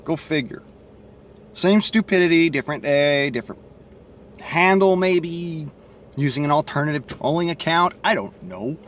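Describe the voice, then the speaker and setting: A man's voice: a little high, animated, moderate pace, slight background noise. A man with a Southern accent and a stutter, talking bluntly and profanely into his cell phone in a rambling monologue. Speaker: vlogger. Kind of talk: casual monologue to camera.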